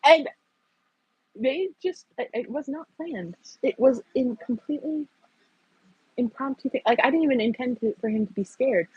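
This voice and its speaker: A woman's voice: high-pitched, animated, normal speed, husky, highs cut off. A young woman hosting a casual stream, telling stories and laughing often. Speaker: streamer host. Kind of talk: casual chat. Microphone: earbuds.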